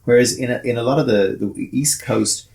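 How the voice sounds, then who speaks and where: A man's voice: medium pitch, moderate pace, vocal fry, a little mellow. An older Irish man talking in a casual chat as a guest, rambling with restarts and repeated words. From Ireland.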